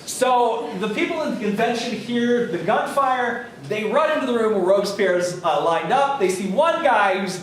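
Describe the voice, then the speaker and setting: A man's voice: sits high, animated, moderate pace, hardly any pauses, a bit bright, far from the mic. A man giving a casual college history lecture, telling the story with acted-out quotes and the odd swear word. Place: classroom. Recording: echoey classroom recorded from afar.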